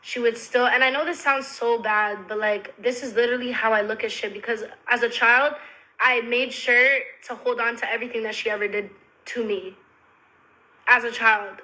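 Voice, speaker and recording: Bright-voiced young woman telling a story. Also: fairly high pitch, fairly even intonation, normal speed, rough recording. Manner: rambling, candid, blunt with swearing and slang. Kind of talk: casual storytime monologue.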